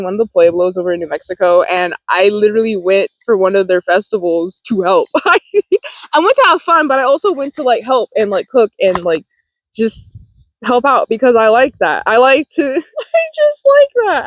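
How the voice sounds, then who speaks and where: Her voice mid-range with lively intonation, a twenty-something vlogger talks fairly quickly about a film at a close desk mic. She rambles, laughs a lot, and fills in with restarts and fillers; the audio is rough but echo-free.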